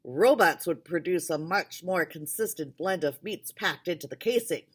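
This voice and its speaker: Lady doing a loud cocky kid in a storybook, pitches way up, low voice underneath. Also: animated, normal speed, slightly rough. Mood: scornful. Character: boastful blond boy, food-critic know-it-all.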